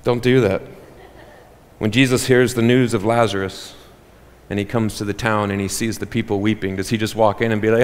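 Joking pastor in a reverberant hall. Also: male voice, lowish voice, a little fast. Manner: animated, joking with the congregation. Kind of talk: sermon. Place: church hall.

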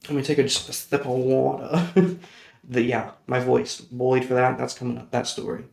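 A man's voice: medium pitch, level tone, normal speed, creaky. A man hosting a personal storytelling podcast, rambling and correcting himself as he goes, laughing often. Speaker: podcast host. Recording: roomy echoey recording.

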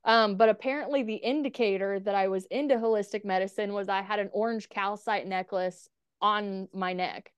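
Female podcast guest, candid storyteller who swears a lot, smooth clear voice on a dry close mic. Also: mid-range voice, steady tone, moderate pace, no room sound. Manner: candid, swears freely, quotes herself and others in dialogue. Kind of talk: casual storytelling interview.

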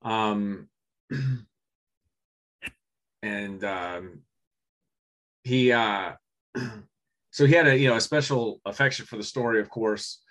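Rambling man clearing his throat. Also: on the low side, slow pace, pauses often, a bit bright. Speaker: podcast co-host. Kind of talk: casual chat about movies.

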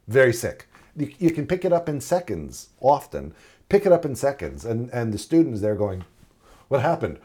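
A man's voice: fairly low pitch, mellow. A middle-aged man, a paramedic, giving a casual spoken lecture and acting out short patient conversations as examples. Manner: conversational, acts out patient dialogues. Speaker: paramedic instructor.

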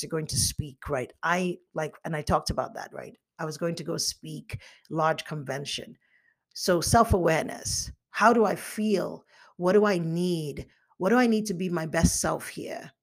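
A woman's voice: on the low side, creaky. A woman giving a motivational teaching talk on emotional intelligence as a coach, acting out her inner thoughts with animation.

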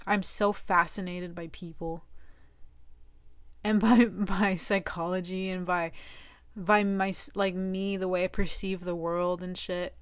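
A woman's voice: lowish voice, little pitch movement, a little slow, clean tone, no room sound. A young woman talking to her own camera in a candid personal monologue, casual and slangy, swearing a lot for emphasis. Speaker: vlogger.

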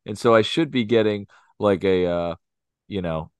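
A man's voice: fairly low pitch, moderate pace, clean tone, no echo, highs cut off. A man in his thirties co-hosting a casual podcast, telling family stories with lots of laughter. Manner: animated storyteller, laughs often, swears. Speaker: podcast co-host. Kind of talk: casual chat.

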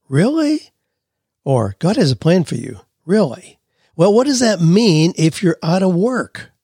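Hosting a career podcast, a man with a darkish voice on the high side talks conversationally, frequently dropping "you know" and "well." He plays with how emphasis changes meaning in this casual talk, recorded with clean studio sound and no echo.

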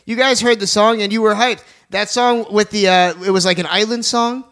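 A man's voice: high-pitched, fairly even intonation, fairly bright tone. A man hosting a casual radio talk show, joking around and plugging sponsors. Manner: jokey, plugs sponsors, fast asides.

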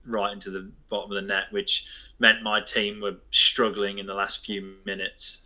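A man's voice: lowish voice, completely flat delivery, moderate pace, sharp tone, poor audio. A man co-hosting a podcast in casual chat, telling rambling anecdotes. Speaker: podcast co-host.

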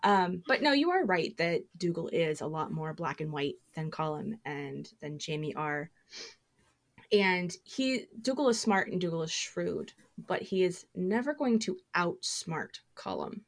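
Woman, podcast co-host, slightly low voice, emphatic, playful casual chat. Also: big pitch swings. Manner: emphatic, playful, quick to laugh. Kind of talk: casual fan discussion.

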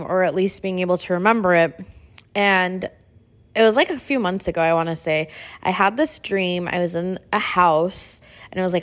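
A woman in her thirties hosting a podcast, telling a personal story in a casual, chatty way, filling her talk with "like". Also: fairly low pitch. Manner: chatty, says "like" a lot, emotional retelling. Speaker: podcast host.

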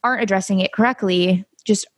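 A woman co-host in casual panel chat, speaking in a measured, thoughtful way. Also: medium pitch, fairly even intonation. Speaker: podcast co-host.

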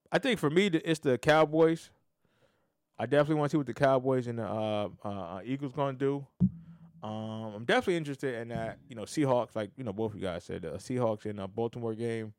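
A man hosting a podcast, talking sports casually, animated, swinging between loud and soft and often restarting his sentences. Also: mid-range voice, moderate pace, long pauses, no room sound, studio quality. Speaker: podcast host.

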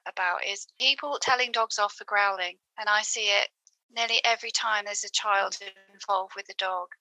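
A woman hosting an interview, setting up her questions in a measured way. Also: mid-range voice, creaky, pushed and bright, no echo, low-quality recording. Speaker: interview host.

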